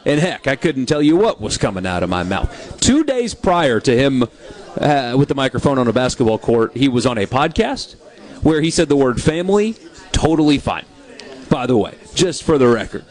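A man's voice: mid-range voice, very animated, normal speed, a little mellow. A man co-hosting sports radio, telling stories in a wry, opinionated way. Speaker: sports talk co-host. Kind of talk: casual sports radio banter.

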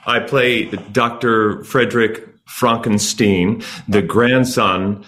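Male stage actor in an interview, low voice, hesitant, lots of uhs. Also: steady tone, takes it slowly, a bit bright. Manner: hesitant, many fillers. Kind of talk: interview answers.

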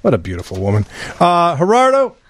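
A man's voice: sits high, huge pitch swings, a little fast, a bit bright, slight background noise. A man hosting a radio show in a studio, talking bluntly and joking with his guests. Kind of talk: casual radio talk. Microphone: studio microphone.

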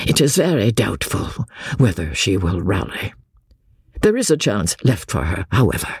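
A loyal young officer pleads in a grave, steady way, as a male reader puts him on. His husky voice moves slowly and rises and falls a lot. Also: medium pitch, dry recording, studio quality, exaggerated voice.

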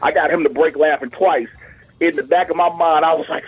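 A man, an actor and pro wrestler, guesting on a radio talk show and telling a lively story with excited acted-out quotes. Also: brisk, noisy background. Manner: animated storyteller, acts out quotes in high excited voices. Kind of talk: casual radio interview storytelling.

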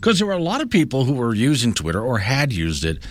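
A man's voice: mid-range voice, huge pitch swings, fast talker, no echo, soft background music. A middle-aged man hosting a morning radio show, rambling and self-amused. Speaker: radio host.

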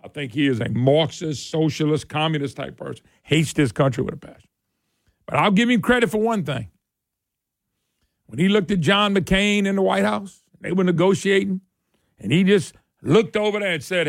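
A man's voice: high voice, moderate pace, vocal fry, no room sound, studio quality. A man hosting a political talk radio show, combative, sarcastic and folksy in his delivery.

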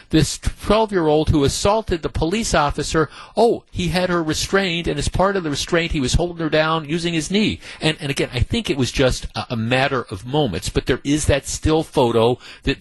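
A man's voice: a little high, dry recording, low-quality recording. A man hosting a talk radio show, delivering indignant, emphatic commentary full of rhetorical questions into a studio microphone.

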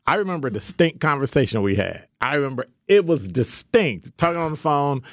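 Animated man co-hosting radio banter. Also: on the high side, a little fast, hardly any pauses, no echo, studio quality. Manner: animated, playful, argumentative. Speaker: radio co-host.

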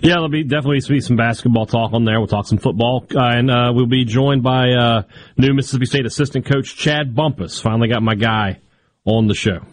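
A man in the middle pitch range co-hosting sports radio, blunt and quick with a joke. A faint hiss sits under his voice. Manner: blunt, joking. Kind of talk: radio show banter.

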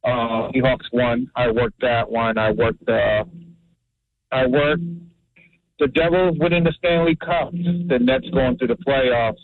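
A man's voice: medium pitch, fairly even intonation, slow pace, no echo. A man from New Jersey calling in to a radio show, telling stories eagerly with lots of fillers. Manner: eager storyteller, many fillers. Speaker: caller. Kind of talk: call-in radio talk. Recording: tinny phone line.

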